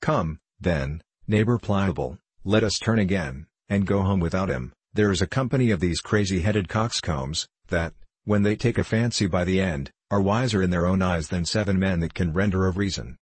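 A stubborn, scornful neighbor , as a man reading aloud puts him on scoffs in bossy old-fashioned phrases. His voice is deep and husky, close and dry. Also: normal speed, hardly any pauses, no echo. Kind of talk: storybook reading.

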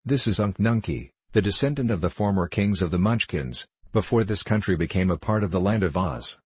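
A stern old magician from a storybook, read by a man, lecturing in a matter-of-fact way. The voice is deep and husky, recorded dry and close. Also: animated, fairly quick, no echo.

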